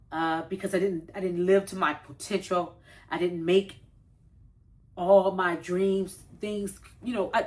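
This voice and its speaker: A woman in her fifties chatting casually to her viewers while doing chores, earnest and rambling, repeating herself for emphasis. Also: fairly low pitch. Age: 50s. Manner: folksy, informal talk. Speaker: vlogger.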